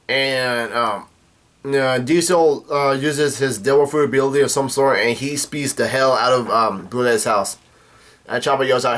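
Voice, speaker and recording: A man talks through a manga chapter in a loose, rambling way, stopping often on "uh" and restarting his sentences. His voice sits at an ordinary middle pitch for a man. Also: steady tone, a little slow, fairly bright tone. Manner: rambling, full of "uh" fillers and restarts. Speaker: manga reaction host. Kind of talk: casual manga recap.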